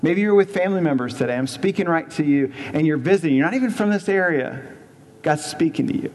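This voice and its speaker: A man's voice: a little high, expressive, fast talker, a little mellow. A man preaching an emphatic sermon as a pastor in a church, stressing points by repeating them and asking rhetorical questions. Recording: long reverb in a church hall.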